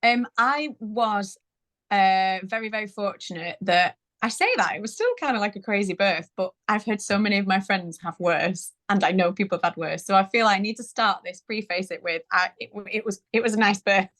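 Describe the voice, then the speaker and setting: Guesting on a parenting interview, a woman in her thirties retells her birth story conversationally and laughs often. She speaks at normal speed in a medium-pitched, slightly bright voice.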